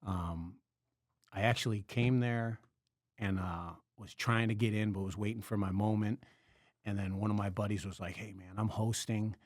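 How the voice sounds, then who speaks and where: A man's voice: fairly low pitch, moderate pace, no room sound. Laughing storyteller man, dry mic. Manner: animated, acts out quotes with laughs. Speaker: podcast host, comedian. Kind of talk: casual storytelling chat.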